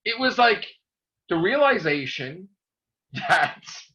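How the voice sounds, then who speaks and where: A man's animated profane rant, lo-fi. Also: high voice, slow, slight background noise. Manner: profane, excitable, rambling. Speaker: YouTube vlogger. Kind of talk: casual rant to camera. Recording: dull lo-fi recording.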